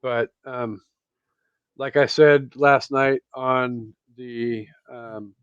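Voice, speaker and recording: A man hosting a movie podcast in casual chat, excitable and swearing freely. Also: mid-range voice, drawn-out words, clean tone, no echo. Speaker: podcast host. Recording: dry, dull lo-fi sound.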